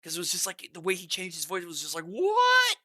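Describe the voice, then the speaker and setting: A man hosting a music reaction video, chatting excitedly and rambling through his thoughts, with faint music behind him. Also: sits high, fast. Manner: excitable and rambling, with many restarts and bursts of enthusiasm. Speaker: music reaction channel host. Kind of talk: casual reaction commentary. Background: faint music from the song being reacted to.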